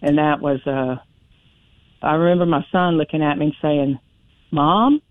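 A woman calling in to a radio talk show, telling a personal story in a chatty, animated way. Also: low-pitched, moderate pace, dry recording. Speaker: caller. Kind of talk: phone-in storytelling. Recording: tinny phone line.

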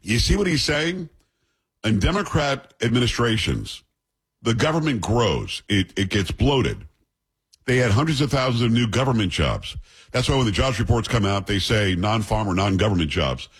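A man's voice: lowish voice, big pitch swings, moderate pace, slightly rough. A man hosting a show, giving blunt, scornful political commentary. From New York.

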